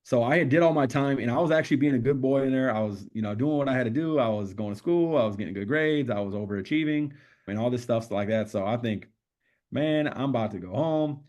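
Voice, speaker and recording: A man with a mid-pitched voice tells his story to a podcast host. He talks in a casual, candid way, with streetwise slang and plenty of swearing. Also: fast, darkish tone. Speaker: podcast guest.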